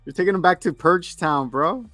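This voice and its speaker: Male podcast host, higher voice, jokey casual movie chatter, dry close sound. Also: normal speed, bright, forceful tone, dry recording, faint music behind. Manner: jokey, laughs often, swears casually. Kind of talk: casual movie review chat.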